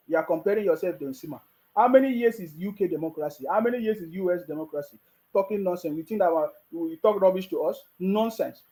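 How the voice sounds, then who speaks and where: A man's voice: high-pitched, lively intonation, fast, a little mellow, low-quality recording. A man with a Nigerian accent giving a mocking, scolding political rant with frequent restarts. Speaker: political commentator. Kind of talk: ranting video commentary.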